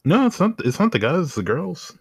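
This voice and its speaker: A young man co-hosting a casual podcast chat, laughing often and jumping up and down in pitch. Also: sing-song, brisk, gravelly, a little mellow, slightly rough, no echo, clean studio sound. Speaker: podcast co-host.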